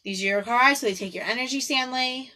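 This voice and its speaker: Bright-voiced chatty woman reading tarot. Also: high voice, fairly quick, low-quality recording. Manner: chatty and giggly, breaks off for her pets; soft prayerful invocations to spirit guides. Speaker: tarot card reader. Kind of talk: casual livestream tarot reading. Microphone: phone or computer on a live video stream.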